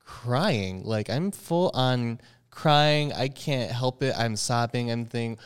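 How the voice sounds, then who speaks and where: A young man co-hosting a podcast, talking in an expressive, jokey way with dramatic asides. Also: mid-range voice, takes it slowly, clean tone. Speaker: podcast co-host. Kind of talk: casual chat.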